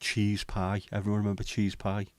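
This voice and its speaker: A man's voice: on the low side, completely flat delivery, normal speed, no echo. A man, hosting a casual livestream chat, bantering with viewers and swearing casually. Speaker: livestream host.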